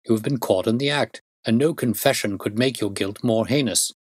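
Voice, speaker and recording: A man voicing an outraged middle-aged banker father who shouts accusations at his son. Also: mid-range voice, normal speed, slightly rough, no echo, clean studio sound, natural voice. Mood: stern pleading.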